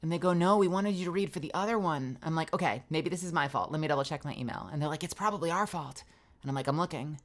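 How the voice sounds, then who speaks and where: A woman voice actor streaming from her home booth, telling a story in an animated way and acting out both sides of the conversation. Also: low-pitched, quick pace. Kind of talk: casual stream chat.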